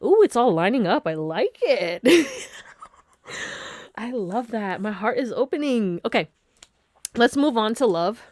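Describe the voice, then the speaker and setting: A woman's voice: a little high, big pitch swings, unhurried, pauses often, a little mellow, no echo, clean studio sound. A woman giving a casual pick-a-card tarot reading. She is chatty, laughs often and throws slangy asides to her viewers. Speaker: tarot reader.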